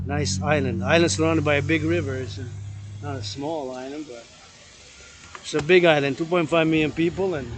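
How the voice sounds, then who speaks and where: A man's voice: a little high, steady tone, normal speed. Impassioned, repetitive outdoor vlogging man. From Quebec, Canada. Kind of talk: rambling outdoor vlog monologue. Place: outdoors, moving around a city.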